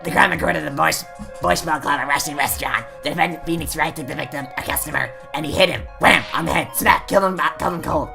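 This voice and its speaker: A man's voice: on the high side, fast, creaky. A man voicing a smug old male prosecutor in a video game, with theatrical punchy delivery. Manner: theatrical, punchy sound effects. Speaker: game character voice. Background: game music.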